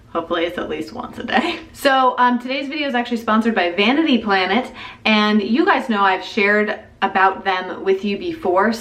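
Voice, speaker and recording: A woman's voice: medium pitch, a bit bright. A woman in her thirties chatting casually to camera from her front porch, laughing now and then as she talks. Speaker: vlogger, mother. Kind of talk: casual vlog chat.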